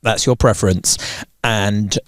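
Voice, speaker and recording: A man's voice: fairly low pitch, a little slow, no room sound, studio quality. A young man, co-hosting a casual podcast chat and ranting with mocking asides. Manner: animated ranting, mocking voices in quotes. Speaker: podcast co-host.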